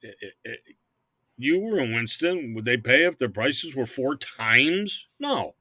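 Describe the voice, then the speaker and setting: An older man talks at length about running his hockey teams, his voice bright and forceful. He rambles and stumbles over repeated words in a casual interview. The sound is dry and close, with no room around it. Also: medium pitch, animated, unhurried, dry recording. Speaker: hockey team owner.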